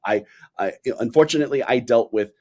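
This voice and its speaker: A man in his forties, a podcast guest, chatting casually and telling animated stories in which he acts out the voices he quotes. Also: medium pitch, fast talker. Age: 40s. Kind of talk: casual interview chat.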